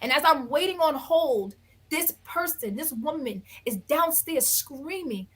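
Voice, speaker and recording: A woman guest on an interview podcast, telling a story in a blunt, dramatic and expressive way, acting out other people. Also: sits high, measured pace. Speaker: guest, reality dating show cast member.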